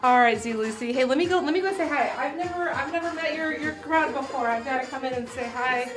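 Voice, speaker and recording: Bubbly high-voiced woman hosting a tea stream. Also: fast talker, over music. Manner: bubbly, chatty, apologetic, laughs often. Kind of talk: casual livestream chat. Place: tea room.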